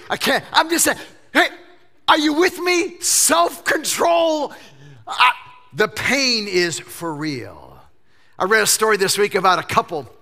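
A male pastor preaching a sermon, telling funny stories in an animated way. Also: high-pitched. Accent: Southern US. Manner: animated storytelling with jokes.

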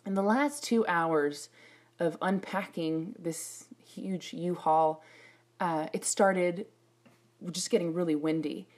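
A middle-aged woman preaching a sermon, telling personal stories in an animated way and acting out her own prayers. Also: fairly low pitch, slow pace.

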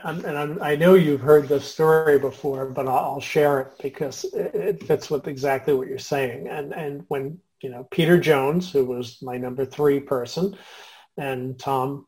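A man hosting a conversation, telling a workplace story in a lively, conversational way. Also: fairly high pitch, normal speed, rough recording. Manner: lively storyteller, shifts loudness often. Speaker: podcast host and business consultant.

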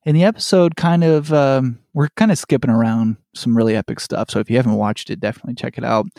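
A man co-hosts a casual podcast, rambling through an episode recap and restarting his phrases as he goes. His voice sits at an ordinary middle pitch. The sound is dry and close, with no room in it. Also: fairly even intonation, fast, creaky, warm tone, no echo. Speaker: podcast co-host.

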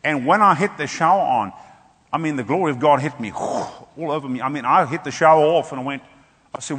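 A pastor preaches a sermon in a slightly high male voice, telling a personal story and then lifting into exclamations aimed at the congregation. His voice rings out with a long reverb, as in a large church hall. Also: brisk, fairly bright tone. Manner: storytelling, with rising exclamations and call-outs to the congregation.

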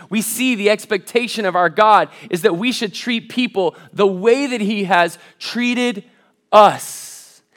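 A man with a slightly higher voice preaches a church sermon. He reads quotations and scripture aloud and swells into loud, fervent stretches. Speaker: college pastor.

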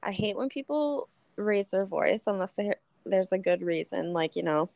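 A woman's voice: mid-range voice, lively intonation, normal speed, gravelly, darkish tone, dry recording. A woman co-hosting a podcast, reacting eagerly as her friend tells a story in casual chat. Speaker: podcast co-host.

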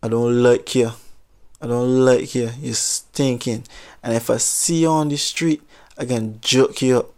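A man's voice: medium pitch, steady tone, measured pace, a little mellow, natural voice. A man voicing a huge, furious customer, blunt and threatening.

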